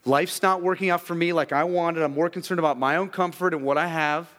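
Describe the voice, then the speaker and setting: A man's voice: fairly high pitch, fairly even intonation, brisk, fairly bright tone, pitched above the performer's own voice, lightly acted. A man voicing Jonah as a sulking, self-absorbed adult man, complaining in a heated way during a sermon. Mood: fuming. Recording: long reverb of a large hall.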